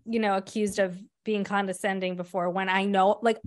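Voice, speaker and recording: A woman's voice: mid-range voice, flat delivery, moderate pace. A woman co-hosting a podcast in casual chat, with a voice that people call condescending. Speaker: podcast co-host.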